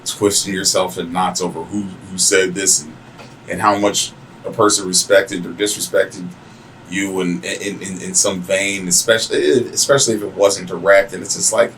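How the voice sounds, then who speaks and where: A man hosting a podcast, telling stories casually in a crude, mocking, animated way. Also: deep voice, a little hiss or hum, rough recording. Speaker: podcast host. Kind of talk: casual profane storytelling.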